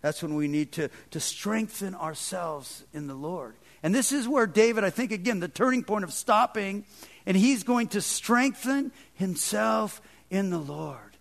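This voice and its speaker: A male pastor with a fairly high voice delivers a conversational sermon. He swings between loud, emphatic stretches and soft, low passages, peppering his talk with casual asides. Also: animated, a little slow, creaky. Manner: conversational, with frequent "man" and "kind of".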